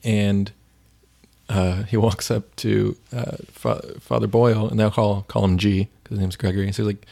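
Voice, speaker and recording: A man's voice: fairly low pitch, flat delivery, moderate pace, vocal fry, mellow. A man co-hosting a faith podcast, chatting casually and retelling stories with many fillers. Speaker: podcast co-host.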